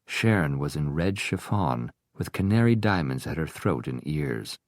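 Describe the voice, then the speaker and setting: Very deep-voiced male audiobook narrator. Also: lively intonation, measured pace, dry recording, studio quality.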